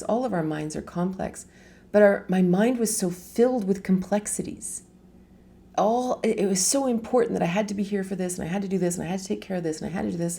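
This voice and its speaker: A woman's voice: low-pitched, creaky, dark tone, slight background noise. A middle-aged woman giving a casual live talk as a spiritual teacher, chatty, laughing often and asking rhetorical questions.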